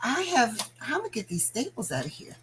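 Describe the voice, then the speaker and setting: A woman hosting a casual crafting livestream, chatting to viewers in an animated, bubbly way. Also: a little high, fast, background noise.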